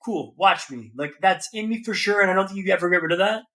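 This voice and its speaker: A young man, a podcast guest, telling his story in a casual, animated way and calling the host man and brother. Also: high voice, rapid-fire. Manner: animated, slangy, calls listener man and brother.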